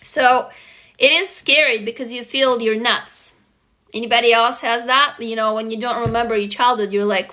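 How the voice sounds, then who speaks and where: Bright-voiced excitable Russian-born woman streaming. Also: fairly high pitch, moderate pace. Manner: excited shout-outs to viewers; swearing, frank and animated. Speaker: livestream host and writing teacher. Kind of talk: casual live-stream chat.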